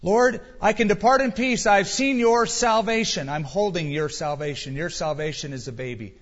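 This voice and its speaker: A man's voice: sits high, moderate pace. A man voicing a joyful, devout old man at peace, speaking with fervor in a dull recording with long hall reverb.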